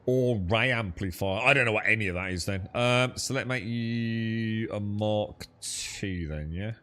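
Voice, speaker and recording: A man's voice: lowish voice, unhurried, bright, forceful tone. A young man chatting casually while playing a co-op game with friends, thinking aloud and laughing easily. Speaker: gamer streaming co-op play. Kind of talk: casual gaming chat.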